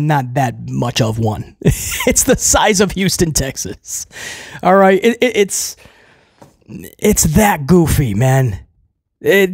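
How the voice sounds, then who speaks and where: A fairly high-voiced man in casual recap commentary, sarcastic and mocking, dropping the odd swear and tossing "right?" at his listeners. The sound is dry and close, with no room echo. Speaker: host recapping a wrestling show.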